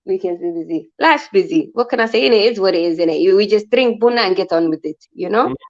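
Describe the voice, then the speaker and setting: A woman, a guest on a casual livestream. She talks in an easygoing, smooth and laid-back way. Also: mid-range voice, animated, fast, lo-fi sound.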